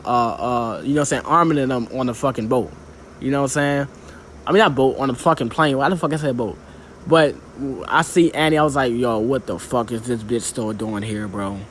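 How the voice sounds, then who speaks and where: Rambling, profane young man, higher voice. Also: slight background noise. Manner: rambling, profane, heavy filler phrases. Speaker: manga reviewer. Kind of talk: casual unscripted review.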